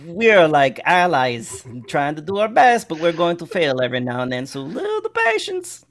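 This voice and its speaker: A man playing a tabletop game, chatting in a jokey, animated way. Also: a little high, moderate pace. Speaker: player. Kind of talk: casual chat.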